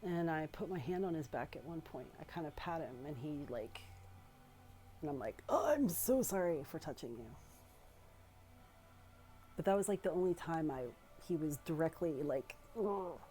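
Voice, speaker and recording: A young woman telling a personal story in a casual, rambling way, often pausing, restarting and swearing. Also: sits low, warm tone. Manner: rambling, halting, with frequent swearing.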